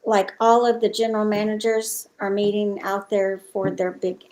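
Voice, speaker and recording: A woman's voice: medium pitch, flat delivery, normal speed, a little mellow. A woman hosting a casual group chat, talking in a hesitant way and trailing off into fillers. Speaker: host.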